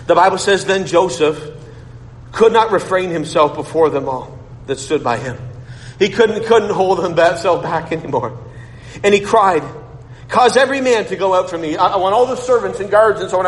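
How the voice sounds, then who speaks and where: A man preaching a sermon, retelling a Bible story in his own words and often repeating himself as he goes. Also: sits high. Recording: long hall reverb, faint noise.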